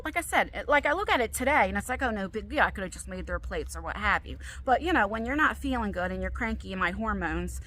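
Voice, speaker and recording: Bright-voiced woman vlogging on a walk. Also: on the high side. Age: middle-aged. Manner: chatty, animated, quotes people in raised voices. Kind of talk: casual storytelling vlog while walking. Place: outdoors on a walk. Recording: faint outdoor background noise.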